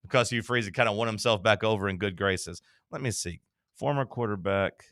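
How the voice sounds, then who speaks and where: Man, sports talk co-host, bright clear voice, dry close sound, rambling casual banter. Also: lowish voice, brisk, no echo. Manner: rambling, animated, slips into mock quotes.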